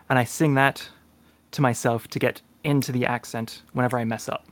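A man's voice: medium pitch, steady tone, normal speed, dry recording. Hesitant man chatting casually. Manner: hesitant, many ums and uhs, laughs often. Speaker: podcast co-host and player. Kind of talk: casual chat.

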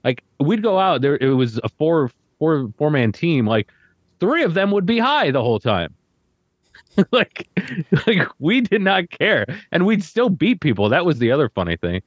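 A man's voice: on the high side, sing-song, moderate pace, dry recording. A man co-hosting a podcast, telling a story in casual chat, swearing a lot and acting out what others said. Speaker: podcast co-host. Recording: slightly muffled, dry audio.

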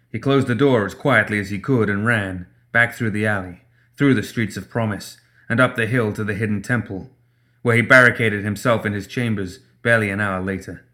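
Deep-voiced man narrating a story. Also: fairly quick, bright, forceful tone. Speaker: audiobook narrator.

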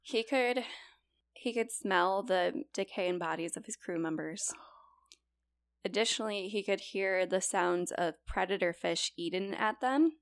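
A woman's voice: medium pitch, a little slow, no room sound, studio quality. A young woman casually telling a true story on a podcast, chatty and full of likes and you-knows.

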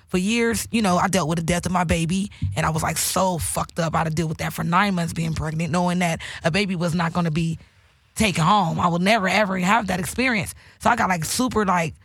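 A woman's voice: fairly low pitch, steady tone, brisk, husky, dry recording, clean studio sound. A woman hosting her own podcast, talking candidly and emotionally, swearing often. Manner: emotional, preachy, heavy swearing. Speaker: host. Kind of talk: candid casual podcast talk.

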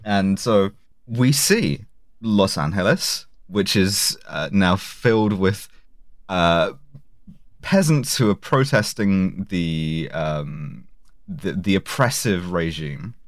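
A man's voice: deep voice, lively intonation, slow pace, no room sound, clean studio sound. A man co-hosting a podcast, talking casually and rambling, with plenty of fillers, restarts and swearing. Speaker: podcast co-host. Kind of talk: casual chat.

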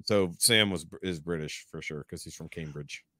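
A man with a deep, low voice hosts a podcast in a loose, rambling chat. He comes from Texas but has no drawl. His voice is close and dry, with no room sound around it. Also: normal speed, no echo. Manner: relaxed, rambling, easygoing. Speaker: podcast host. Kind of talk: casual chat.

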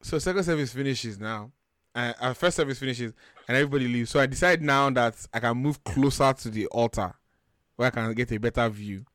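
A young man from Nigeria with a Nigerian accent, telling stories in a lively, joking way as a podcast co-host. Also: mid-range voice, brisk, dry recording, studio quality. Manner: animated, jokey, acts out quotes. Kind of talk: casual chat, storytelling.

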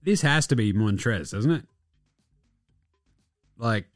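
An Australian man hosts a sports podcast, tossing out swear-laden jokes and sarcastic asides over the week's games. His voice sits at a middling pitch, and the recording is dry and close with no room sound. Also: expressive, takes it slowly, long pauses, no room sound, soft background music. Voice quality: profane, joking, sarcastic. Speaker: podcast host. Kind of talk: casual sports commentary.

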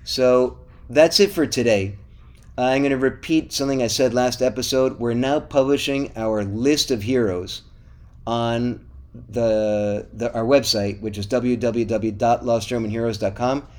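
A man's voice: mid-range voice, fairly even intonation, unhurried, darkish tone. A middle-aged man co-hosting a podcast, wrapping up the episode in a casual, upbeat way and pleading with listeners to vote and leave reviews. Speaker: podcast co-host.

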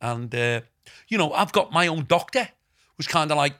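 A man's voice: a little high, lively intonation, normal speed, sharp tone. A middle-aged Scouse man in casual podcast chat, telling long, rambling stories full of asides. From Liverpool, England. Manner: rambling storyteller with many asides.

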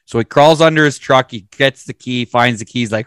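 A man telling a long, profane story in a casual, animated way. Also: mid-range voice, normal speed, few pauses, clean tone, no room sound.

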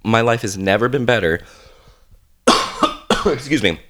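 A man hosting a podcast in casual chat, under the weather and coughing, animated and jokey. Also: medium pitch, slow pace, background noise. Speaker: podcast host.

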